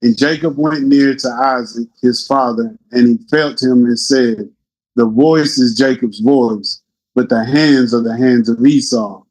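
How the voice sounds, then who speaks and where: Male scripture reader, slow and deliberate. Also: medium pitch, poor audio. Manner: steady, deliberate reading. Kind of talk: reading scripture aloud.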